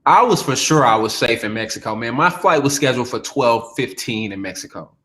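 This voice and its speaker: A young man co-hosting a relaxed podcast, talking loosely and swearing freely as he tells a long story. His delivery is casual, with frequent filler words and restarts. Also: medium pitch, fairly quick. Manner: loose, profane storytelling with laughs. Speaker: podcast co-host and rapper. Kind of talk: casual chat.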